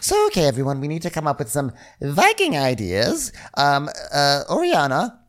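A man voicing a bossy, fussy female chief stewardess in a shrill falsetto, prim and scolding. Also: wildly swooping pitch, moderate pace.

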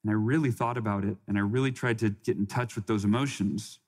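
A man's voice: on the low side, steady tone, fast, a little mellow. A man in his forties, a podcast guest, telling a personal story in an earnest way, often restarting and quoting others. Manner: earnest, with frequent restarts and quoted dialogue.

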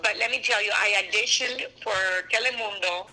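Older Cuban actress, Spanish native, strong accent, animated storyteller, crisp bright tone, casual interview guest. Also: female voice, mid-range voice, normal speed, low-quality recording. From Cuba.

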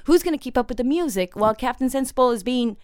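A woman's voice: sits high, lively intonation, fast, darkish tone, clear, resonant tone, no room sound, studio quality. A woman co-hosting a podcast, telling stories in casual chat with frequent giggles. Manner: chatty storyteller, giggly, many fillers. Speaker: podcast co-host.

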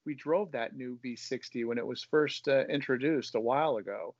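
A man's voice: medium pitch, moderate pace, no echo, muffled recording. A man on a car panel, explaining with enthusiasm and in full, articulate sentences. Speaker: automotive panelist. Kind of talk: casual panel chat.

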